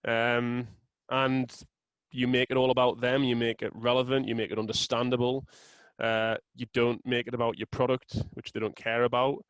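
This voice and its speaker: A man guesting on an interview, explaining his approach in a steady, thoughtful way. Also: mid-range voice, dry recording, low-quality recording. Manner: measured, explanatory, with fillers and restarts. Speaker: guest, sales software co-founder. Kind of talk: casual interview chat.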